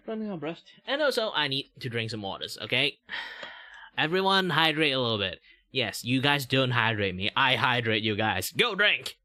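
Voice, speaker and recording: A man from Malaysia chatting casually as host of his live stream. He laughs often and jumps into sudden high exclamations. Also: very animated, moderate pace, pushed and bright, dry recording, clean studio sound. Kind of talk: casual livestream chat.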